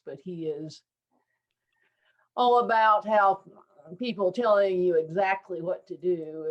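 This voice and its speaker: Chatty writer on dull lo-fi audio. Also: mid-range voice. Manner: chatty, self-deprecating. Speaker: workshop participant. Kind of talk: casual chat.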